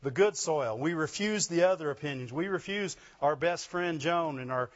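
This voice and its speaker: A man's voice: a little high, normal speed, lo-fi sound. A man preaching a sermon, punctuating his points with call-and-response questions to the congregation. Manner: call-and-response preaching, frequent "Amen?" and "Right?". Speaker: pastor.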